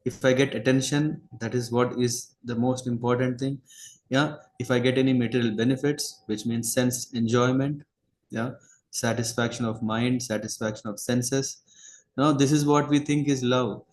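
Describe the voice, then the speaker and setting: Halting man giving a devotional talk. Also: medium pitch, fairly even intonation, poor audio. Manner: halting, many pauses and fillers, asks listeners "yeah?". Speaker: spiritual teacher. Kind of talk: devotional lecture.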